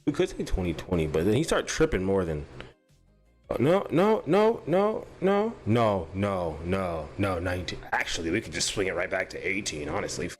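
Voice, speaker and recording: A man's voice: low-pitched, big pitch swings, normal speed, faint music behind. Rambling, stumbling stoned man. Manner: repeats and stumbles over words, swears often. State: high. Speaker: podcast host.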